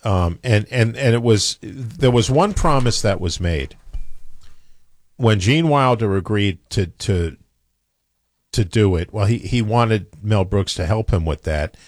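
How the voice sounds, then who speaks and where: A man's voice: fairly low pitch, animated, measured pace, no room sound. A man co-hosting a casual chat, opinionated and rambling, often stammering and restarting.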